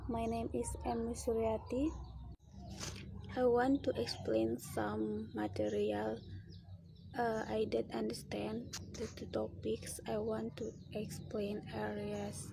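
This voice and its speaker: A woman gives a halting class presentation, reading word lists and stumbling over words. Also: on the high side, little pitch movement, gravelly, background noise. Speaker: student presenter.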